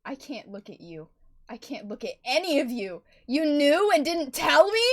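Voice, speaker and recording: A woman voicing a young, defiant female barn cat in a roleplay, loud in dialogue and soft in narration. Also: on the high side, big pitch swings, unhurried, husky, exaggerated voice. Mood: upset. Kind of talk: voice-acted roleplay.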